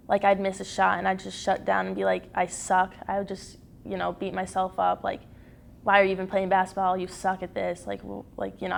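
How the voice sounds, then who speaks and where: A teenage girl giving a candid personal account in an interview, halting and full of fillers and restarts. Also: mid-range voice, creaky, slight background noise. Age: teens. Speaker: interview guest.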